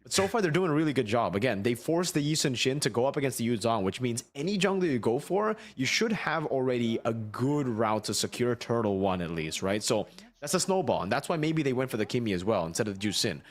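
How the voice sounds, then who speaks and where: A man's voice: medium pitch, expressive, fast talker. Analytical male esports co-caster. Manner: analytical, explains strategy in long runs, asks rhetorical "right?".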